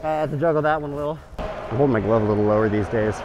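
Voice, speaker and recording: Talking very fast at a medium pitch, a man tends goal in a hockey game with a helmet-mounted action camera recording. His mic'd-up commentary is full of joking, self-deprecating banter, with background noise from the rink.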